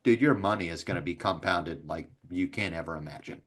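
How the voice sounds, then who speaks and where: A man's voice: deep voice, brisk, a bit bright. A man with a Texas accent, a guest on a casual podcast, telling laid-back stories and swearing freely. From Texas, USA. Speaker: insurance agency owner, guest.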